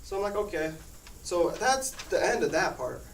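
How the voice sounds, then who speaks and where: A man's voice: sits high, animated, normal speed. Giggly teen boy telling a story. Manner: rambling, laughs often mid-story. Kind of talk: casual personal anecdote. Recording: echoey room, far-off mic, noisy.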